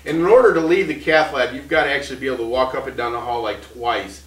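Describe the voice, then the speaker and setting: A man's voice: mid-range voice, fast, reverberant, distant mic, rough recording. A man in his thirties telling his own story in a casual, rambling way, full of restarts and short laughs. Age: 30s.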